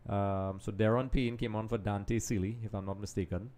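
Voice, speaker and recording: A man's voice: lowish voice, fairly even intonation, normal speed, dark tone. Chatty man hosting a live match watch-along. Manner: chatty, talks straight to viewers as folks; distracted, multitasking while commenting. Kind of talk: casual live match commentary.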